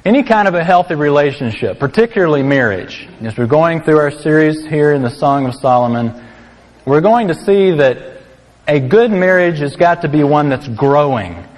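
A man's voice: on the high side, lively intonation, moderate pace. A man preaching a sermon in an earnest, conversational way, with dry asides. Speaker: pastor. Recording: long hall reverb.

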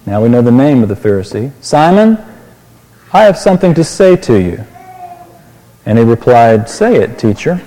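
A man's voice: mid-range voice, warm tone. Man preaching in a reverberant hall. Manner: explains a Bible passage, asks the listeners questions. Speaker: pastor. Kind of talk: sermon.

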